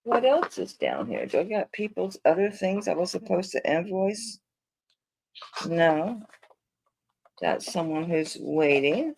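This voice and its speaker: A woman's voice: fairly low pitch, sing-song, slow, vocal fry, pauses often, darkish tone, breathy edge. A woman selling jewelry on a live stream, chatting to viewers in a flustered, rambling way while she searches through orders.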